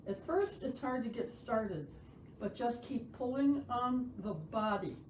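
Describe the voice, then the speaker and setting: A woman's voice: a little high, unhurried, slight background noise, rough recording. A middle-aged woman teaching sewing in a shop, chatty, playful and encouraging. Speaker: sewing instructor. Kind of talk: live sewing demonstration.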